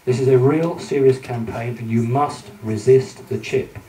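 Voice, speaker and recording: A man's voice: medium pitch, a little slow, mellow. Man lecturing in an echoey hall. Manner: conversational, addresses the audience directly, frequent ums and restarts. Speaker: public speaker lecturing with slides. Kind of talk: presentation to a live audience. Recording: roomy hall, voice from a distance.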